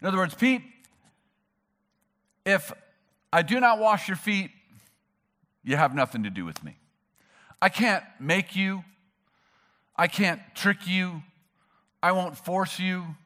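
A man preaching a sermon, animated and emphatic, acting out the people he quotes. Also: high-pitched, slow pace, pauses often. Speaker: pastor.

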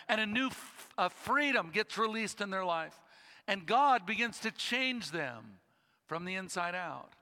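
A man preaches with a high, bright voice, slowing into dramatic pauses as he tells a story. His words ring out with a long reverb in a church hall. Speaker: pastor. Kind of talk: sermon.

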